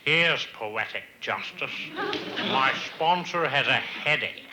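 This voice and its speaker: A man's voice: mid-range voice, noisy background. A man doing an impression of a droll, macabre older film host on a 1960s variety show. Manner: slow, dry and deadpan. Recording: roomy studio with loud audience.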